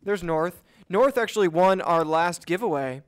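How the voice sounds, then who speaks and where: A man's voice: high voice, animated, moderate pace, clean tone. A young man co-hosting a casual live Minecraft stream, playful and rambling with restarts. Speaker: co-host of a Minecraft channel.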